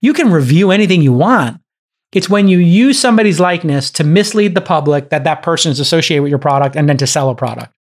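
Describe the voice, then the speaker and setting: A man's voice: on the high side, lively intonation, fast. A man hosting a podcast, telling an emphatic story in casual chat and acting out the quoted dialogue. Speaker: podcast host.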